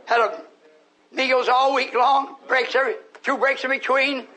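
A man preaching a sermon to his congregation, scolding them and now and then rising to a shout. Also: extremely high pitch, flat delivery, measured pace, poor audio. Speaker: pastor.

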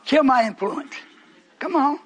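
A man's voice: extremely high pitch, expressive, measured pace, a bit bright. An older man preaching a fervent, rambling radio sermon to his congregation in a church hall, breaking off into stories.

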